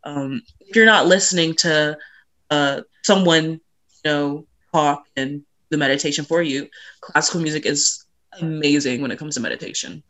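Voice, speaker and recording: A woman's voice: low voice, normal speed, fairly bright tone, poor audio. A woman co-hosting a podcast over a video call, rambling and giggly, correcting herself as she goes. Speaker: podcast co-host. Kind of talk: casual podcast chat.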